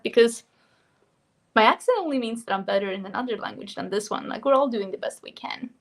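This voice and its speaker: Swedish-accented woman, young, casual livestream host, chatty, laughs often, slightly high voice. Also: a little fast. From Sweden. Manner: chatty, laughs often, reads out viewer comments. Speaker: beauty vlogger hosting a livestream.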